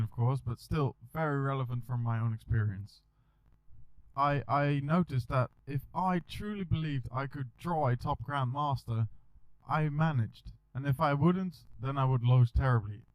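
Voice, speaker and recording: A man's voice: medium pitch, darkish tone, no room sound. A man teaching a chess video lesson, talking through the moves with small restarts. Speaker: chess coach. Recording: dull, dry recording.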